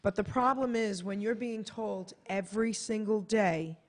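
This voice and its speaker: In a radio studio, an American woman appears as a guest author on a talk show, chatting casually while telling a story. She's animated, acting out quotes in a bright voice, though her mid-range speech runs a little slow.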